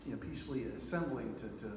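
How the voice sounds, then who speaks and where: A man addresses a live audience, telling his story in a lively way with plenty of fillers and side remarks. He is caught from across a large hall, his voice swimming in a long, booming echo. Steady background noise sits under everything. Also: rapid-fire. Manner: animated storytelling with frequent fillers and asides. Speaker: speaker. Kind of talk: public speech to a live audience. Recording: very echoey hall from far off, noisy.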